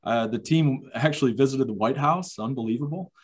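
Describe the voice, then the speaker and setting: A man's voice: medium pitch, husky. Enthusiastic man interviewing. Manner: enthusiastic, halting with fillers. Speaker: interviewer, athletics communications director. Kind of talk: interview questions.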